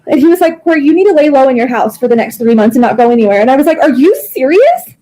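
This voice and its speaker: A woman's voice: high-pitched, racing, mellow, poor audio. A distraught woman talking casually in a private conversation, emotional and swearing, with exclamations. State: upset and distraught. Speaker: widow in a recorded private call.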